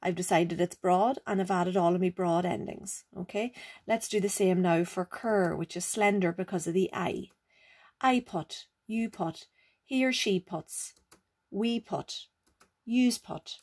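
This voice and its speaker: A woman's voice: on the low side, unhurried, a little mellow, husky. A woman, teaching a grammar lesson, explaining rules patiently and checking that the learner follows. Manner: patient, repeats rules, checks understanding with "right?" and "okay?". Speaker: Irish language teacher.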